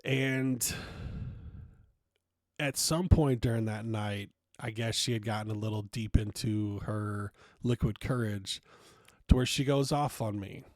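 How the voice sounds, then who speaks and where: A man's voice: fairly low pitch, a little mellow, no echo, clean studio sound. Blunt, profane man telling a story. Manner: blunt and profane, acts out quoted dialogue. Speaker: podcast host. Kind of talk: casual storytelling monologue.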